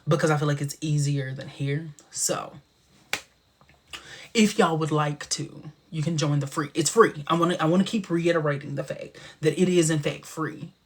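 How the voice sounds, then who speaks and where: A young man hosting a casual livestream, chatty and animated, who laughs often and sometimes drops into a whisper. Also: on the high side, moderate pace, a little hiss or hum. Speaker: livestream host.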